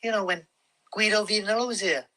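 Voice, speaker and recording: A man's voice: high-pitched, a little fast, background noise, voice pushed up, close to an everyday voice. A man doing a cooing, swooning young woman. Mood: coaxing. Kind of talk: comedy skit voice in a parody video.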